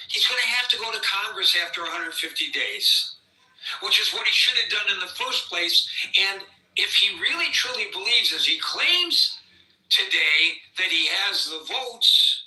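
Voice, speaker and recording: Guy hosting a politics podcast, kinda sarcastic, rambles, sharp bright voice, roomy echo. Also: high-pitched. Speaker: podcast host. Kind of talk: live political commentary show. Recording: roomy sound, distant from the mic.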